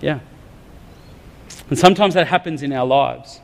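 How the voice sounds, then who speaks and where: A man's voice: a little high, moderate pace, vocal fry. An Australian man preaching a sermon, talking candidly and conversationally with some humor. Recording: long reverb of a large hall.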